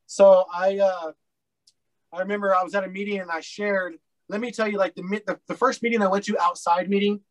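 Man from Colorado, podcast guest, higher-pitched voice, candid rambling storytelling, blunt swearing. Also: fairly even intonation, a little fast, poor audio. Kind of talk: casual storytelling interview.

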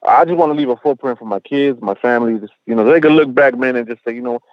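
Slangy, profane man with a low-fi sound. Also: fast, dry recording, muffled recording. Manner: slangy, profane, peppered with "bro" and "you know what I'm saying"; mixes in Spanish phrases. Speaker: rapper guest. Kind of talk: casual interview chat.

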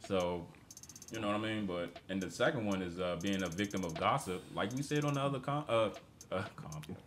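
A man with a very low voice tells blunt, profane workplace stories in a loose podcast chat. He laughs his way through his own anecdotes. A faint hiss of noise sits under the recording. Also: fairly quick. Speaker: podcast co-host. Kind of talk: casual chat.

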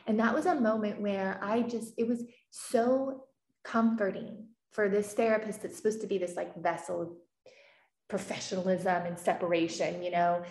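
A woman's voice: mid-range voice, fairly even intonation, normal speed, darkish tone, echoey room. A woman raised in the Midwest, working as a coach, talking candidly and telling stories in casual conversation. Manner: candid, storytelling with acted quotes.

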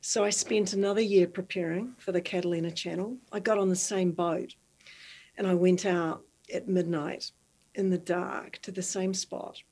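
A middle-aged woman from New Zealand with a New Zealand accent, a guest in an interview who tells her stories in an animated, giggly way. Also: lowish voice, normal speed, breathy edge. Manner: animated, lively storyteller who giggles easily. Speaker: guest, marathon swimmer. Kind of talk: storytelling in conversation.

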